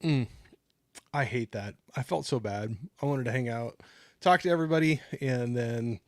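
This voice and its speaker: A man's voice: mid-range voice, moderate pace, no room sound. Easygoing man chatting on a dry close mic. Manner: easygoing, rambling, thanks viewers and reads chat aloud. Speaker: livestream host. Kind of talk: casual livestream chat. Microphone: new desktop microphone.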